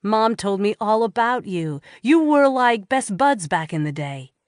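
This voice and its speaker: A woman's voice: medium pitch, big pitch swings, a little slow, no echo, clean studio sound, pitched above the performer's own voice. A woman voicing a friendly, laid-back young American man of college age with a Boston accent. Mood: easygoing.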